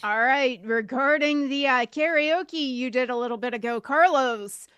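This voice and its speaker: A woman with a high voice co-hosts a casual stream, answering in brief, dry, unhurried remarks. Her sound is close and dry, with no room echo. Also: a bit bright, smooth, highs cut off. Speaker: podcast co-host. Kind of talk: casual live-stream chat.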